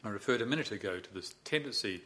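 A man with a fairly low voice leads a dharma talk at a meditation retreat. He teaches with gentle humor and slips into acted-out inner voices to make his points. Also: lively intonation, fast.

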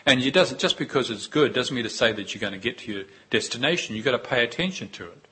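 A man giving a Buddhist dharma talk, unhurried and reflective, with pauses and repeated phrases. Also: medium pitch, lively intonation, sharp tone, breathy edge. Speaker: Buddhist teacher.

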